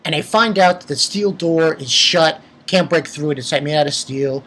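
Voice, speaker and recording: An anime reviewer talks through an episode in a casual, rambling way, swearing freely and often restarting sentences. His voice sits on the high side, slightly bright, at a moderate pace.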